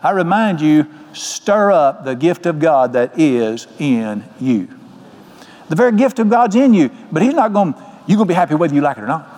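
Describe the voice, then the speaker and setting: Older pastor, folksy jokey sermon, highish voice, big reverby church. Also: male voice, sing-song, moderate pace, darkish tone. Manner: folksy, joking preacher. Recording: long hall reverb.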